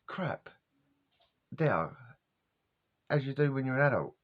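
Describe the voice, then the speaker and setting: A man's voice: medium pitch, expressive, measured pace, pauses often. A middle-aged man, telling rambling personal stories as a vlogger, casual and wandering, laughing often and losing his words. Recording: dull lo-fi recording.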